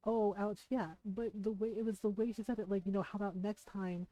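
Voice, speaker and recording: A woman's voice: medium pitch, steady tone, fairly quick, warm tone, no room sound, low-quality recording. Woman streamer just chatting, rambly and candid, dry close sound, lots of "like"s. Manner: rambling, many fillers and restarts; candid, emotional storytelling. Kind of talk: casual chat while gaming. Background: faint game music.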